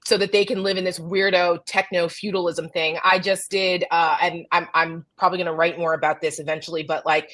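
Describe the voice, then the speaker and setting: A woman's voice: fairly low pitch, flat delivery, brisk, few pauses, a bit bright, poor audio. A woman co-hosting a casual political chat show over a video call, talking bluntly and with animation, cursing now and then. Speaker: co-host.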